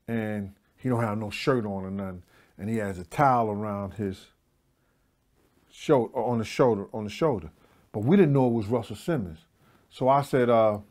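A man's voice: mid-range voice, darkish tone. A middle-aged man telling a story as an interview guest, blunt and profane, with a meandering, casual delivery.

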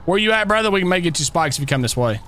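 A man streaming a police role-play game, shouting exclamations, laughing often and thanking his chat. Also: sits high, animated, slight background noise. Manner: loud, laughing, quick exclamations. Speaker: streamer playing a police officer. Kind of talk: excitable role-play radio chatter and chat shout-outs.

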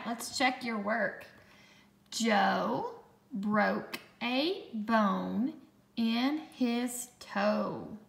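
With a higher, creaky, slightly bright voice in a reverberant space, a woman teaches children phonics. She is slow and patient, sounding out every dictation sentence word by word.

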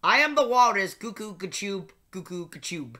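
A man's voice: high-pitched, expressive, moderate pace, bright, forceful tone. A man playing the Twelfth Doctor, a sardonic, grumpy older male alien time traveller, reading and singing lyrics in character with exasperated muttered asides.

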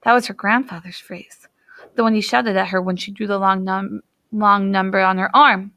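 A woman narrating a novel aloud in a steady, even reading style. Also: mid-range voice, normal speed, no room sound. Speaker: audiobook reader. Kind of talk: storybook narration.

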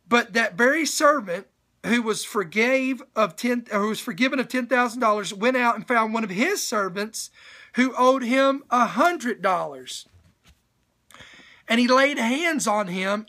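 A man's voice: very high voice, sharp tone. A man preaching a sermon on a live stream, reading a scripture passage aloud and breaking off often to urge his listeners to stay and pay attention.

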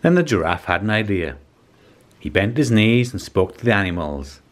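A man reading a children's picture book aloud in a calm, measured storytelling manner. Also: on the low side. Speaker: storybook reader.

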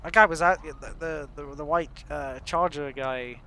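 A man chats through a roleplay game session, his voice slightly higher than most. He rambles, pokes fun at himself and laughs constantly, over a faint background hiss. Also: measured pace, sharp tone. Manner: laughs often, rambling and self-deprecating. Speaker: roleplay streamer. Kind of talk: casual game roleplay chat.

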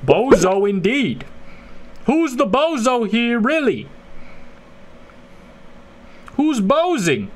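A man's voice: extremely high pitch, sing-song, drawn-out words, pauses often. A man giving crude, jokey gameplay commentary, often switching into silly voices. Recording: loud game noise behind the voice.

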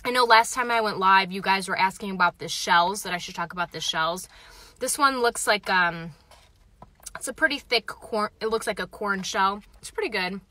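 Young woman chatting in her car, phone mic, reading comments out, bright voice, dead dry sound. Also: mid-range voice, moderate pace, dry recording. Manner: chatty, frank, reads viewer comments aloud; talks while eating. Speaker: vlogger reviewing tacos. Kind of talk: casual live-stream chat. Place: parked car.

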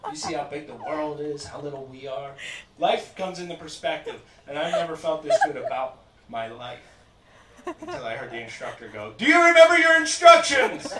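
A man's voice: on the high side, moderate pace. A young man performing a stand-up comedy set, telling a story and acting out the people in it. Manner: animated storytelling, acts out characters. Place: comedy club. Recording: echoey club, distant mic, loud crowd laughter.

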